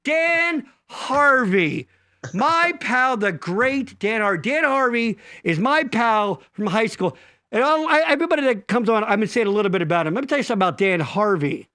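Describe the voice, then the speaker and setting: A middle-aged man with a high, bright voice that swings widely in pitch, cracking crude jokes in casual stream banter. The sound is dry and close, with little room echo. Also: expressive, moderate pace. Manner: joking, rambling, crude. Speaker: live stream co-host.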